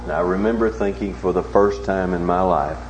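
A male preacher giving a sermon, swinging from low hushed tones to loud, emphatic challenges with repeated rhetorical questions. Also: a little fast. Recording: echoey, dull recording with faint hum.

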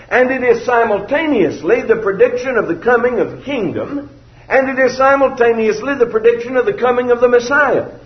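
A man preaching a sermon in an emphatic, formal cadence, quoting scripture. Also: high-pitched. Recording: roomy, slightly dull recording.

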